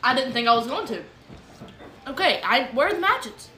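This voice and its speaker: Animated, cheering woman podcast co-host. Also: high-pitched, normal speed, a little hiss or hum. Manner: animated, playful, cheering and teasing. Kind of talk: casual chat.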